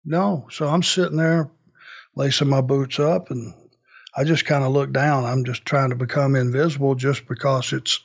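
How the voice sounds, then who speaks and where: A man as an interview guest, telling an anecdote in a casual, animated way with many restarts. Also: mid-range voice, moderate pace, vocal fry, husky, lo-fi sound. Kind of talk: casual storytelling.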